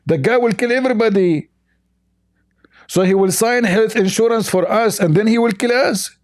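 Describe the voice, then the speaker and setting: A man's voice: high-pitched, normal speed. Mocking, scornful male commentator. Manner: mocking, scornful, rambling with broken grammar. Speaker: commentator reacting to clips. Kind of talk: sarcastic reaction commentary.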